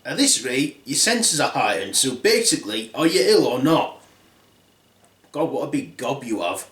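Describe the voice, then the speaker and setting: A man voicing a blunt, cheeky young girl in a comic fairy tale, deadpan. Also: mid-range voice, normal speed. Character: blunt cheeky girl, Red Riding Hood. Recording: roomy echo.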